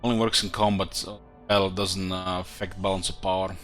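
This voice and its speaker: A tired man talks through his strategy game live, musing aloud in loose, rambling sentences full of fillers. His voice is bright and forceful, with faint game music running underneath. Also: low-pitched, level tone, normal speed. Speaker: streamer. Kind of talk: casual gameplay commentary.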